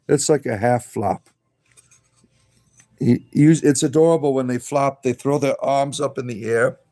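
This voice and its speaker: A man's voice: mid-range voice, a little slow, dark tone. A man live streaming in a casual chat, cooing at his pets in a playful, rising baby-talk voice.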